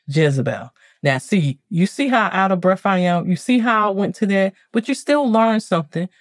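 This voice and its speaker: A woman hosting a podcast, delivering a blunt, scolding monologue full of rhetorical questions, her pitch swinging up and down. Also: darkish tone, no echo, clean studio sound. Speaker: podcast host. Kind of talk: preachy monologue.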